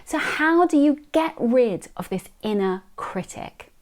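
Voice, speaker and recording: A woman's voice: sits high, lively intonation, unhurried, a little mellow. A woman giving an earnest, encouraging motivational talk, coaching the listener and repeating key phrases.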